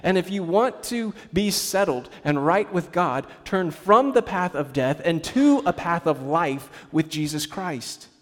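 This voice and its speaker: A man's voice: sits high, expressive, measured pace, few pauses, fairly bright tone, in a large hall. A man preaching a sermon in a conversational way, with casual asides and rhetorical questions to the congregation.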